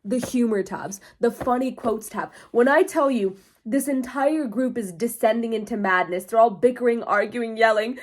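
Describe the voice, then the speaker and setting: A woman's voice: on the high side, normal speed, hardly any pauses. A young woman chatting casually about a book she loves, gushing and dramatic, often breaking into laughter and reading quotes aloud. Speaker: book vlogger. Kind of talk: casual book review chat.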